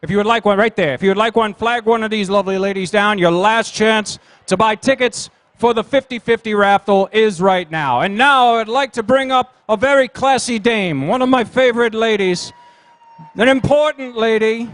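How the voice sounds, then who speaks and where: A man working as comedian and emcee at a banquet, telling quick one-liners and teasing the audience. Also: sits high, a bit bright. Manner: rapid one-liners with teasing crowd work. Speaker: comedian and emcee at a gala dinner. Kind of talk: stand-up joke routine. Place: banquet hall.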